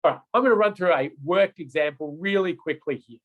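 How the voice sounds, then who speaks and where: A man's voice: a little high, fairly quick, muffled recording. A middle-aged man giving an online road safety training lecture, chatty, often checking in with "right?" and "okay?".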